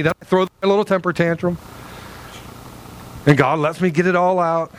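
A male pastor preaching a sermon in an animated way, acting out little dialogues with God. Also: high-pitched, moderate pace, slight background noise.

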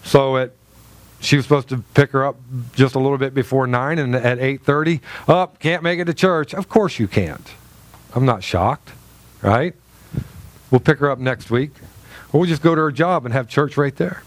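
A man's voice: medium pitch, normal speed, long pauses, dry recording. A middle-aged man preaching a sermon as a pastor, telling a story in a loose, conversational way with many fillers and restarts.

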